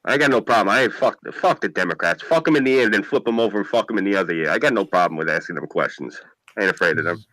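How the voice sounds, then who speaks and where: A man with a thick New York accent spins profane stories on a livestream. His voice rises and falls a lot, with a bright, pushing edge. The sound is dry and close. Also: on the low side, animated, racing, no echo, rough recording. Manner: profane, storytelling. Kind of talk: casual livestream chat.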